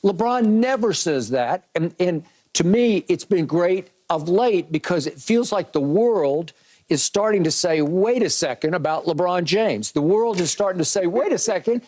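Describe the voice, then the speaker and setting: A man's voice: sits high, animated, normal speed, darkish tone. A man arguing a point on a sports talk show, emphatic and acting out other people's words. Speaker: sports commentator.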